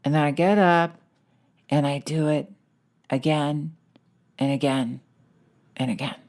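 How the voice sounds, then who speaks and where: A woman voicing a bored, mopey young woman TV producer who flatly lists her daily routine. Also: deep voice, unhurried. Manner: flat, listless listing.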